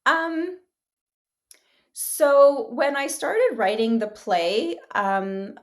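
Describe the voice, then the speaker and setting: A woman guest in a relaxed interview, talking about her writing in a fairly high voice. She is animated and chatty, with plenty of fillers, and she keeps jumping into quick asides. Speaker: interview guest, actress and writer. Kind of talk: casual interview talk.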